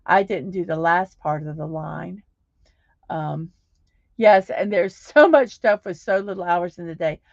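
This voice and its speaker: A woman with a lowish, unhurried voice and some vocal fry hosts a loose livestream. She reads viewer comments, rambles, restarts frequently, and thanks people warmly; the sound is dry, slightly dull, and free of room sound.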